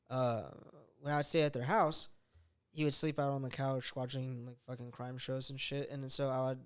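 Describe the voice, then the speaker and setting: A man telling a story in casual chat, swearing often and acting out voices in his quotes. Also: medium pitch. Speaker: podcast host.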